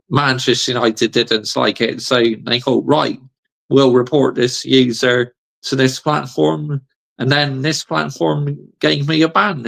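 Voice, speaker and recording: A man hosts a live football reaction stream, his voice gravelly with a rough edge. He rants with heat, swears freely and keeps laughing at chat messages. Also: medium pitch, fairly bright tone. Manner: heated, ranting, swearing, laughing often. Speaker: football channel host.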